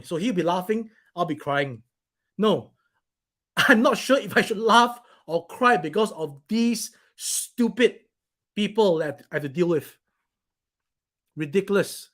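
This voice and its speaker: A man's voice: high voice, expressive, unhurried, pauses often, fairly bright tone. Blunt, irritated man on a live stream. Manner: irritated, blunt, swears, rambling. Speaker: company owner hosting a live stream. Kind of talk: casual live stream, reading viewer comments.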